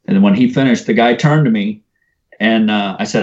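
A man with a somewhat low voice tells a personal story in an earnest, conversational way. He fills his talk with casual asides. The recording sounds a little muffled and lo-fi. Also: normal speed. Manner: earnest, conversational, uses "you know" and "man". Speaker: podcast guest.

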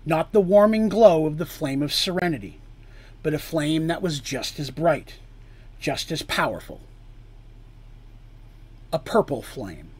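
Higher-voiced man reading a dark fantasy tale. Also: unhurried, long pauses, husky. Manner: expressive reading that drops low and quiet on grim lines and rises loud on tense ones. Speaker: storyteller. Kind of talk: dramatic fantasy story reading.

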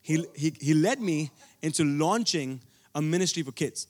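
A man's voice: a little high, animated, normal speed, darkish tone. A young man from India preaching a sermon, telling a personal story earnestly, with frequent restarts.

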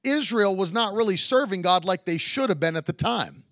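A male preacher with a high voice that leaps all over its range. He moves from easy, joking talk into shouted, half-sung climaxes. The sound is close and dry, with no room around it. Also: lively intonation, moderate pace, no room sound. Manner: builds to shouted, sing-song climaxes, with woos and hallelujahs; chatty and joking in quieter stretches. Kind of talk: sermon.

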